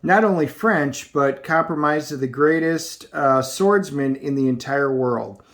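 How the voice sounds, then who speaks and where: A man's voice: a little high, a little slow, fairly bright tone. A man reading the lines of an older, scheming musketeer captain aloud in a plain voice while reviewing a comic.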